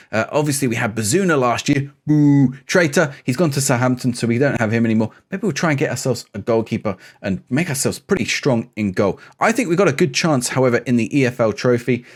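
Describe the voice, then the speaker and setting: Casting: man, rapid gaming commentary, chatty and upbeat, mid-pitched. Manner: chatty, upbeat, rambling asides. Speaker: gaming YouTuber. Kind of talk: casual game commentary.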